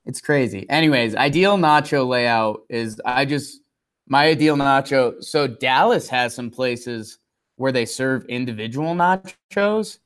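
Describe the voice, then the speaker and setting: A man co-hosting a casual sports podcast, rambling and self-deprecating, turning animated when he recaps the game. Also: mid-range voice, unhurried. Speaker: podcast co-host.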